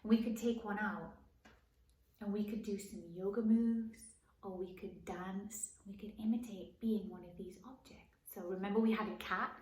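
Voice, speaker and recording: A woman teaching young children at circle time, gently encouraging them and slowly singing and counting along. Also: mid-range voice, steady tone. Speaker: preschool teacher. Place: home room, live stream. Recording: echoey room.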